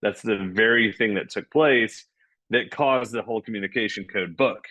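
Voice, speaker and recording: Male podcast guest, low voice, animated explainer, dry muffled recording. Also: moderate pace, no room sound. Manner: animated, acts out dialogue. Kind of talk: conversational explanation.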